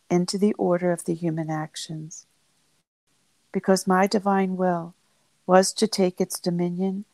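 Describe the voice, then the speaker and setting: Slow, gravelly woman reading devotionally. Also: on the low side, darkish tone, no room sound, low-quality recording. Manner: measured, solemn phrasing in short pauses. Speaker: reader of devotional texts.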